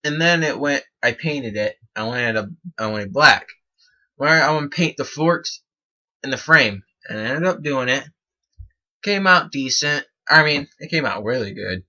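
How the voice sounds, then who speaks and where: A man's voice: mid-range voice, animated, a little slow, pushed and bright. A young man telling casual stories about his BMX bikes, rambling and often restarting his sentences. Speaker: BMX rider vlogger. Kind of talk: casual storytelling. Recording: dull lo-fi sound.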